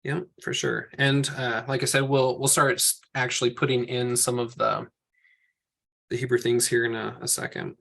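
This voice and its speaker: Man, language teacher, patient, step-by-step explaining, self-correcting, mid pitch. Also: level tone, moderate pace, vocal fry, fairly bright tone. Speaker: Hebrew teacher. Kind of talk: online group language lesson.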